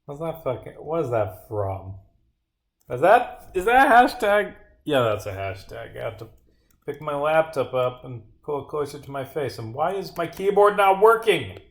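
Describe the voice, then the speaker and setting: A man's voice: mid-range voice, animated, normal speed. Sarcastic young man streaming, echoey room. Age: young adult. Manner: rambling, sarcastic, profane. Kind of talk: casual livestream commentary while gaming.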